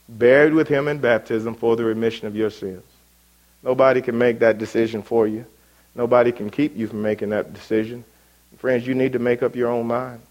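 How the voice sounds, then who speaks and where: A man preaching an evening sermon, rising sharply when quoting and dropping soft and low for his appeals. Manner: emphatic, rises sharply on quoted words, drops low for appeals.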